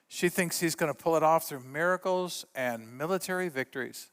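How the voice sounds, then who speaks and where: A middle-aged male pastor preaching a sermon in a church, telling stories with lively voice shifts for the quotes. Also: on the high side, normal speed, clean tone, in a large hall. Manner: animated storyteller, acts out quotes with voice shifts. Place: church sanctuary.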